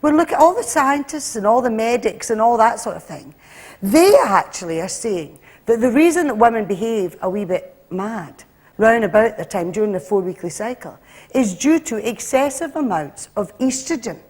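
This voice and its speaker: A Scottish woman performing live stand-up comedy, animated and acting out voices as she tells her routine. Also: on the high side, normal speed. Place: stage before a live audience. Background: audience laughter.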